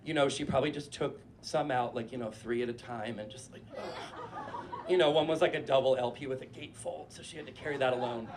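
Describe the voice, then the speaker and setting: A man in his forties from New Hampshire, telling a casual, profane and animated story on stage before a live audience. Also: medium pitch, fast talker, background noise.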